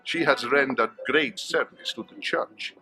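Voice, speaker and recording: A man voicing a formal, discreet male cardinal in a video game, speaking in a measured, courtly way, with faint game music behind him. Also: medium pitch, animated, lightly acted.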